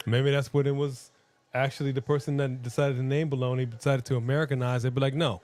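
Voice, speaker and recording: A man's voice: medium pitch, flat delivery, fast talker, darkish tone. A man co-hosting a live wrestling watch-along, chatting casually and joking around. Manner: joking, playful, jumps into silly voices. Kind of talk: casual live-stream chat.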